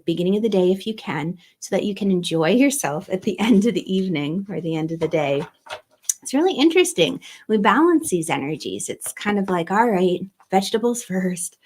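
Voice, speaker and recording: Chatty giggly woman livestreaming. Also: on the low side. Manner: chatty, giggly, greets viewers by name. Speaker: astrology livestream host. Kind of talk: casual livestream talk.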